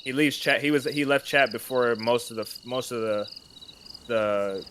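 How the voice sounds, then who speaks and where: A man telling an animated story in casual chat over a team voice call while gaming, swearing freely. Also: mid-range voice, a little slow, noisy background. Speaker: gamer recording his play.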